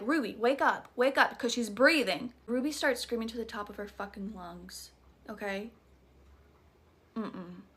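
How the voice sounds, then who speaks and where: A woman's voice: fairly high pitch, pushed and bright. A woman with a Southern US accent telling a spooky personal story in a chatty, profane, dramatic way. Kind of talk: casual storytime vlog.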